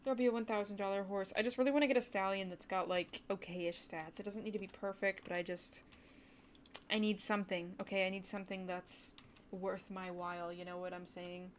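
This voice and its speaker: Brisk and steady, a medium-pitched woman streamer talks her chat through a game in casual running commentary, occasionally lowering to short whispers. A little hiss or hum is present, along with faint keyboard typing.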